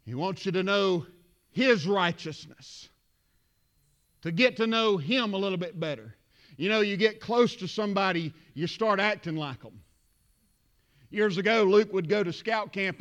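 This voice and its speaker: A man preaching a sermon, reading scripture and swinging from soft, low asides up to shouted emphatic peaks. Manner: builds to shouted emphatic climaxes, then drops low and soft; reads scripture aloud in King James wording. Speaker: pastor.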